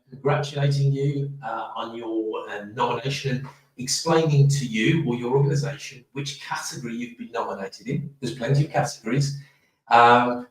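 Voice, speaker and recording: Man, host, enthusiastic, rambling, mid-pitched voice, distant mic. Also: darkish tone. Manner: enthusiastic, rambling, many restarts and fillers. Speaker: host of an awards live stream. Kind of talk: casual live stream chat. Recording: very echoey room, far from mic.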